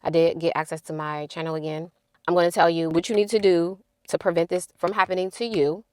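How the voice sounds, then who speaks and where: Fast-talking low-voiced woman vlogger. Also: clear, resonant tone, dry recording, clean studio sound. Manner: animated, addresses viewers as y'all. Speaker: YouTuber. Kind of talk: casual storytelling vlog.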